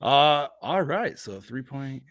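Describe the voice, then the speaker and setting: A man's voice: medium pitch, expressive, takes it slowly, fairly bright tone, dry recording, studio quality. A man joking and laughing in casual podcast banter.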